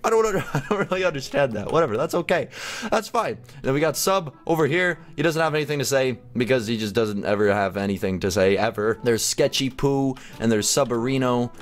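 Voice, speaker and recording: A man's voice: mid-range voice, lively intonation, fairly quick, soft background music. A young man giving chatty, casual commentary on a game he is playing, often laughing and exclaiming. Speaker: gaming YouTuber.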